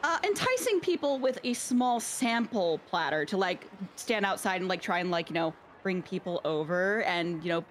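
A woman's voice: fairly low pitch, expressive, moderate pace, few pauses, a little hiss or hum. Hesitant woman tabletop player. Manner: hesitant, lots of fillers. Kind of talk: tabletop game play.

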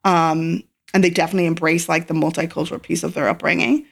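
A middle-aged Irish woman with a lowish voice, speaking as an interview guest. She talks reflectively, circling back with fillers and restarts as she gathers her thoughts. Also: little pitch movement, quick pace, vocal fry. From Ireland. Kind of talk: casual conversational interview.

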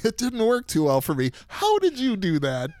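Podcast co-host, man, teasing banter, slightly higher voice, dry mic. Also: wildly swooping pitch, a little mellow, dry recording. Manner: teasing, quick with jokes. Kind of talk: casual banter.

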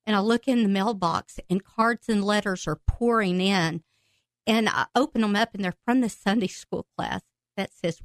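On a podcast, a female guest shares her personal faith testimony with real emotion, laughing and bursting into excited outbursts along the way. Her voice sits in the mid range, she talks at a normal speed, and there's no echo.

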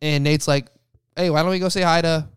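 A man's voice: on the high side, fairly even intonation, fairly quick, clean tone, no echo, clean studio sound. A young man co-hosting a casual faith podcast, telling a personal story with lots of restarts. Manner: rambling storyteller with many restarts. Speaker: podcast co-host.

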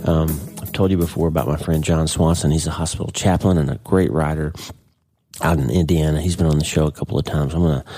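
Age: middle-aged. Sex: man. Pitch: very low. Tone: mellow, husky. Style: casual podcast host. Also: fairly even intonation, quick pace, soft background music. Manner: unscripted, off-the-cuff, earnest.

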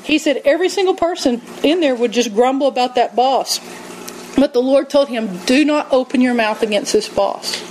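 A woman preaching a sermon, telling stories in an animated way and acting out quotes. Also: high voice, moderate pace, slight background noise, rough recording. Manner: animated storytelling, acts out quotes, laughs often.

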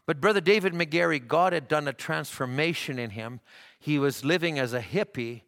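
Male pastor, fervent church sermon, slightly high voice, builds to shouts. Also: gravelly. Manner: fervent, rising to shouts, halting restarts.

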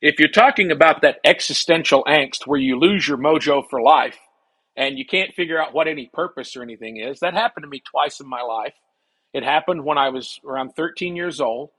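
Guest actor, husky male voice, lively storyteller who acts out the people he quotes. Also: mid-range voice, poor audio. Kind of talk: storytelling in conversation.

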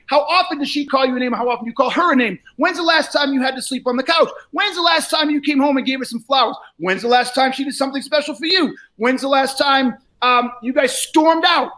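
Lecturing a salesperson during a live role-play, this man is blunt and swears freely. His volume keeps spiking into shouts before falling back low.

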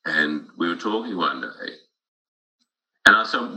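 Forceful-voiced man, earnest talker. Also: low voice, huge pitch swings, moderate pace, gravelly, rough recording. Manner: earnest, storytelling with frequent restarts. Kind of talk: casual conversation.

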